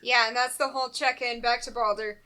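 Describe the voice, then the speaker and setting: A woman's voice: fairly high pitch, steady tone, brisk, pushed and bright. A woman co-hosting a comics podcast, reading plot recaps with dry, sarcastic asides and frequent laughter. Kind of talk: casual comedic recap, reads summary then riffs.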